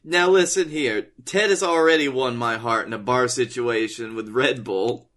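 A man's voice: mid-range voice, moderate pace, a bit bright. A man co-hosting a podcast, throwing in jokes and short opinionated rants. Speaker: podcast co-host. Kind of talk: casual chat.

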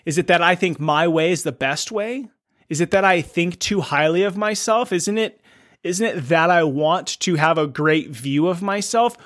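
A middle-aged podcast host delivers a reflective solo monologue, earnestly questioning as he thinks aloud. His voice sits high and a bit bright, at a moderate pace. It's a studio-quality recording with no room sound.

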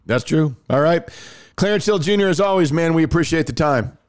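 Excitable man hosting a podcast. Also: a little high, brisk. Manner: excitable, gushing, chatty storyteller. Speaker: podcast host. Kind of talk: casual chat and ad read.

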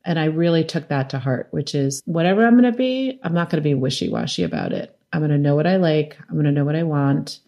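A middle-aged woman with a low voice speaks as a guest in a conversational interview. She tells her stories with animation, slipping into the voices of the people she quotes and laughing often. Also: expressive, quick pace, vocal fry, hardly any pauses, mellow, highs cut off. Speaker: documentary director, interview guest.

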